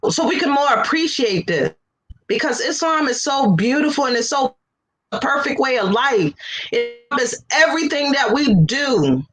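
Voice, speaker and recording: A woman's voice: high voice, animated, normal speed, a bit bright, poor audio. A woman co-hosting a casual religious talk show over a video call, chatty and laughing often. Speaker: co-host.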